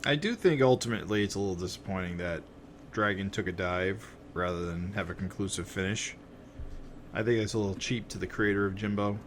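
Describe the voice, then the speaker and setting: A man with a deep, low voice co-hosts a casual comic-book podcast. He sounds thoughtful and measured, pausing on "uh" as he weighs his points. A faint layer of noise sits in the background. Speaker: podcast co-host.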